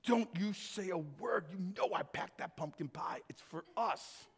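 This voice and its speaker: A man voicing secretive adults in a crowd who hush each other so they can keep their food. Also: high voice, unhurried, husky, long reverb tail, exaggerated voice. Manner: hushed, conspiratorial.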